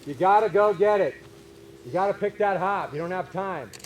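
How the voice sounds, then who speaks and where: A man coaching baseball infielders on a field, calling out short, energetic drill cues and explaining technique. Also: high voice, moderate pace, slight background noise.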